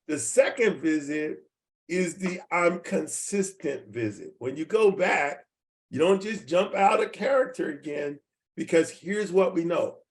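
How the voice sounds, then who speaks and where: A man in his seventies runs a team training over a video call, speaking in a folksy and repetitive way and often asking whether everyone follows him. His voice sits a little high for a man. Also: lively intonation, unhurried. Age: 70s. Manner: folksy, repeats points, asks the audience questions.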